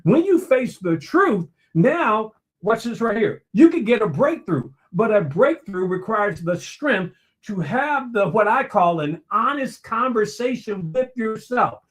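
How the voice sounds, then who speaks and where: A man's voice: high voice, big pitch swings, unhurried. A man giving a motivational talk, preacherly, repeating phrases for emphasis and talking straight to his listeners. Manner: addresses listeners directly, conversational asides. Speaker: motivational speaker.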